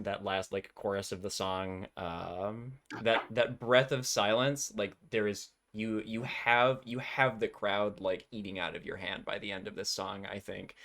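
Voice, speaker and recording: Male game master, lowish voice, loose rambling narration full of fillers. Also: a bit bright, clear, resonant tone. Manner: rambling, full of ums and likes.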